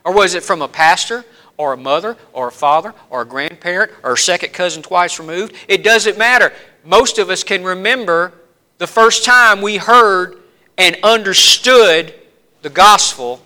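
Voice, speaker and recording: A middle-aged man with a Southern US accent delivers a sermon in a high, bright voice. He builds his points into emphatic lists that rise in force. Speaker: pastor.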